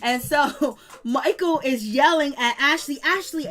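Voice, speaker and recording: Brief: scolding woman commentator, casual slang, sharp bright voice. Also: high-pitched, slow, soft background music. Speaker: reality TV recap commentator.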